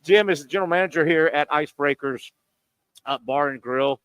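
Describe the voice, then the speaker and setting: A male sports talk host delivers a fiery rant full of rhetorical questions. His voice sits somewhat high and the sound is dry and close, as if on location at a bar and grill. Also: a little fast, a bit bright, clear, resonant tone, no echo. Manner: combative, scolding, rhetorical questions.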